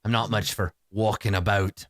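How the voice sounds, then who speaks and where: A man's voice: lowish voice, little pitch movement, moderate pace, no room sound, lightly acted. Man doing Archie, a dry desk-bound official. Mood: complacent. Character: unhurried male official behind a desk.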